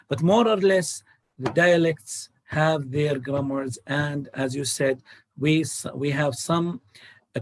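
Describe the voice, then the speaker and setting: A man's voice: fairly high pitch, slightly rough. A man giving an academic talk over a video call. He explains points step by step and often checks in with "okay?". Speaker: guest lecturer.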